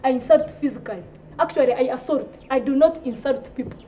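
Ugandan English-accented woman comic, high voice, indignant rant, repeats herself. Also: a little fast, mellow, a little hiss or hum. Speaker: comedian. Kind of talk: comedy sketch.

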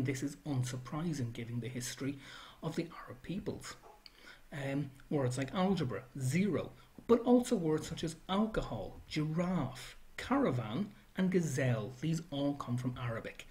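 A man's voice: on the high side, expressive, moderate pace, a little mellow. A man giving an educational library talk, listing words one by one with brief asides.

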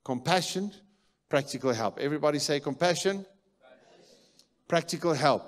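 A male pastor delivers a sermon in a church. He is emphatic, swinging from ringing declarations to hushed, murmured lines. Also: on the high side, animated, a little slow, pauses often. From South Africa.

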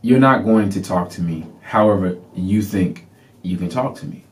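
A man hosting a podcast, telling a personal story in an animated way and acting out the people in it. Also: deep voice, normal speed. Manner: animated, laughing, reenacts people. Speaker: podcast host.

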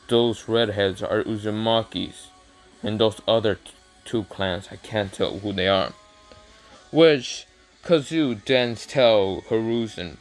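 A man's voice: fairly low pitch, measured pace, soft background music. Rambling, hesitant male fan-story teller. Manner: rambling, hesitant, loses track, swears. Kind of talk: casual improvised fan-fiction narration.

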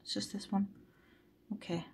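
A woman chatting casually on a budgeting vlog, thinking aloud as she counts money. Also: moderate pace. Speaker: budgeting vlogger. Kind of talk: casual chat while cash stuffing.

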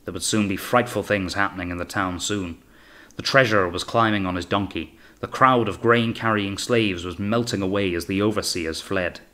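A man reading an audiobook as narrator in a steady, measured way. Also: deep voice. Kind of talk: scripted narration.

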